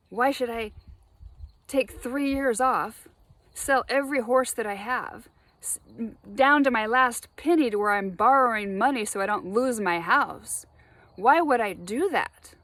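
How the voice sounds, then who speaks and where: A woman talking straight to her viewers in a rambling spiritual monologue, animated, laughing often and swearing freely. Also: fairly high pitch, measured pace, pauses often, no echo. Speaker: spiritual vlogger.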